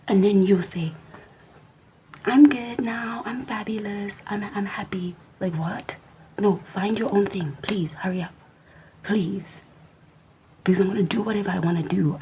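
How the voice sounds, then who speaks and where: Young woman whisper-ranting to cam, sassy, mellow low-key tone, faint hiss behind. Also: a little slow, rough recording. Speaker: vlogger. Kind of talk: whispered rant to camera.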